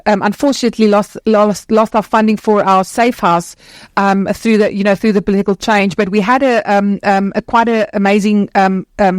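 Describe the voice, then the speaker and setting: On a conference stage, a South African woman who founded an anti-trafficking charity speaks passionately and earnestly, in quick bursts with many restarts. Her voice is medium-pitched and slightly mellow, and the recording is dry.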